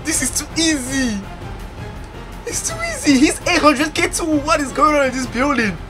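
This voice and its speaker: A man commenting on his video game pack opening, excitable and bursting into loud exclamations. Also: extremely high pitch, moderate pace, music in the background. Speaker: gaming YouTuber.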